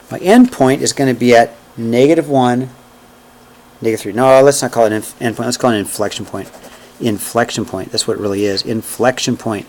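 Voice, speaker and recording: A man's voice: medium pitch, lively intonation, fairly quick, creaky, darkish tone, a little hiss or hum. Man lecturing a math class. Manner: repeats points and checks in with "okay?" and "right?"; counts out steps aloud while working. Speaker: math teacher.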